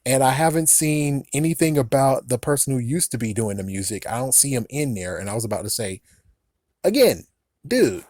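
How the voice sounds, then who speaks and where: A man's voice: mid-range voice, lively intonation, brisk, darkish tone, no room sound, studio quality. Ranting man in casual commentary. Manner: ranting, swears often, laughs between remarks. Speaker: YouTuber giving opinions.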